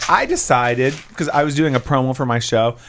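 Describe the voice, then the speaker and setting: A man hosting a casual podcast, telling funny stories. His pitch swings widely and animatedly, and he often breaks into laughter as he talks. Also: expressive, moderate pace, a bit bright. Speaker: podcast host.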